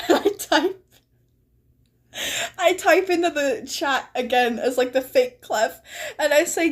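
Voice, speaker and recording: High-voiced giggly young woman streamer. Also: animated, drawn-out words, long pauses. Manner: giggly, laughs often mid-sentence. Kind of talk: casual live-stream chat, reading a chat log aloud.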